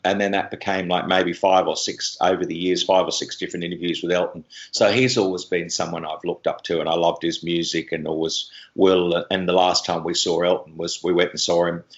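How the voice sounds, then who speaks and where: A man, a radio presenter telling rambling, animated stories in an interview. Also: low-pitched, muffled recording. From Australia. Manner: rambling, animated storyteller with many restarts. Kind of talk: anecdotal interview chat.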